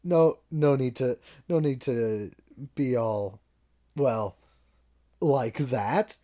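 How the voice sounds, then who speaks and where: A man voicing a flustered male bartender who pleads with rowdy guests in a high, loud voice. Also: extremely slow. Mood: pleading.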